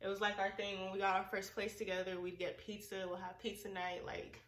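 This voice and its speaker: A woman's voice: medium pitch, monotone, fairly quick. A young woman hosting a casual chat in a laid-back, slangy way, sometimes breaking into giggles. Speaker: vlogger host. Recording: roomy echo, mic at a distance, faint noise.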